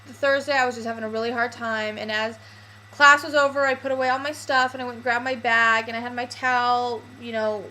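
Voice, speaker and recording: A woman's voice: on the high side, level tone, fairly quick, bright, forceful tone, rough recording. A young woman vlogging casually and candidly, with lots of fillers. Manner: chatty, candid, with many fillers. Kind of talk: casual personal vlog.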